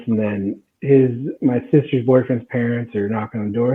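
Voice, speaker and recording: Speaking at normal speed with few pauses, a man in his twenties uses a mid-range voice to casually tell a story as a podcast guest. He's lively, laughing and acting out quotes, and the sound is thin and phone-like.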